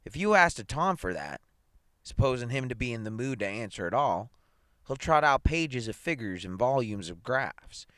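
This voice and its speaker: A man's voice: mid-range voice, big pitch swings, fairly bright tone, clean tone, dry recording, studio quality, pitched above the performer's own voice. A man doing a chirpy, chatty psychologist. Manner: brisk, chirpy, talkative. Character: chatty, eager middle-aged male psychologist.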